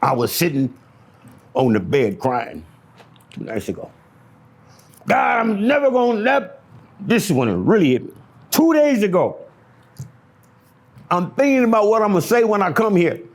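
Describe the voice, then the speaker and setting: A man telling his own story in an interview, raw and profane, dropping to hushed near-whispers and then rising into animated storytelling. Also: high voice, moderate pace, pauses often. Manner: profane and repetitive, restarting phrases. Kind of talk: confessional interview monologue.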